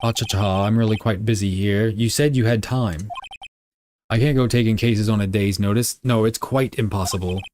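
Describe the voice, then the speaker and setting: A man's voice: lowish voice, steady tone, normal speed, noisy background, natural voice. A man voicing a pompous, evasive older male lawyer who hems and haws. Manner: stuffy, hemming and hawing.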